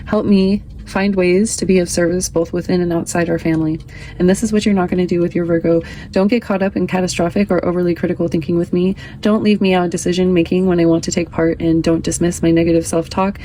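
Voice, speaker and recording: A woman's voice: lowish voice, flat delivery, quick pace, dark tone, slight background noise, poor audio. A woman in her thirties giving a casual, chatty tarot reading, often reading card text aloud.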